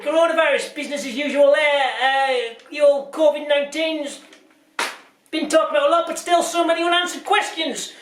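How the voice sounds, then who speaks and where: A bumbling, bigoted news anchor, as a comedian puts him on, stumbling through his lines and flaring into rants. The voice sits high for a man. It sounds echoey and a little off-mic. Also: a bit bright, distant mic. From Britain. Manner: rambling, stumbling, bursts into rants. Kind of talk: parody news presenting.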